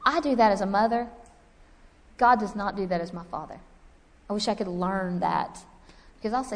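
Woman Bible teacher, sermon delivery, animated and chatty, slightly high voice, long hall reverb. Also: normal speed, long pauses. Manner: animated, conversational preaching with asides to the audience.

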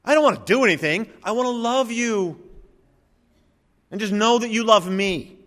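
A man voicing an apostle who pleads to just bask in love instead of working, in a higher voice, with long hall reverb. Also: normal speed, fairly bright tone. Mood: wistful pleading.

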